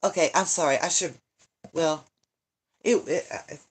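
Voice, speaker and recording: A woman's voice: sits low, measured pace, husky. An older woman, a channel host who reads books aloud, chatting casually and rambling, interrupting herself and sighing over a tedious book. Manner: rambling, self-interrupting, dramatic sighs and complaints. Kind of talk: casual live chat and reading.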